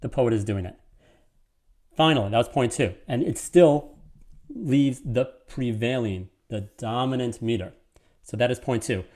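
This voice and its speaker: A man teaching a lesson on poetic meter. He reads verse lines slowly with each beat stressed, and often stops to correct himself. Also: medium pitch, darkish tone. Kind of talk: online lecture on poetic meter.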